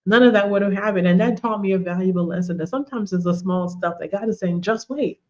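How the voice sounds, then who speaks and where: A woman's voice: lowish voice, steady tone, quick pace, muffled recording. A woman giving a conversational faith teaching, telling personal stories, repeating words and often saying "you know". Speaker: women's ministry teacher.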